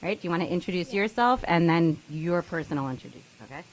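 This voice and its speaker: A woman's voice: lowish voice, animated, fast talker, a little hiss or hum, low-quality recording. A woman teacher explaining a student mentoring program to a school board meeting.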